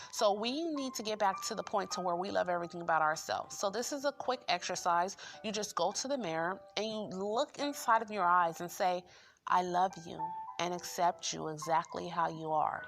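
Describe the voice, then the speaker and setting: A woman hosting a book review channel, talking loosely and encouragingly and repeating affirmations. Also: on the low side. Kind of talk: casual spoken book review. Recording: music playing behind voice.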